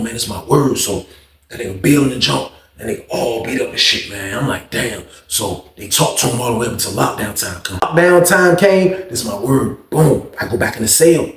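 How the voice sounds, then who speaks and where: Guy telling a storytime, slangy and animated, mid pitch, roomy echo. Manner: animated, heavy slang, repetitive. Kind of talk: casual storytime.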